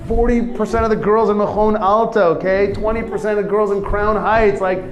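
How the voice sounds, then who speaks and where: A man's voice: fairly high pitch, normal speed, dark tone, lo-fi sound, a little hiss or hum, close to an everyday voice. A lonely young yeshiva student in despair, put on by a man, mournful and pleading. The voice carries a roomy echo. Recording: echoey room.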